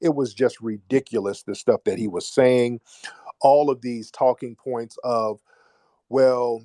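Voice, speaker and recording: Casting: brash male call-in host, blunt, mocking, mid-pitched voice, dry close sound. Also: a little slow, dark tone, no echo. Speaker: show host. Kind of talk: live call-in commentary.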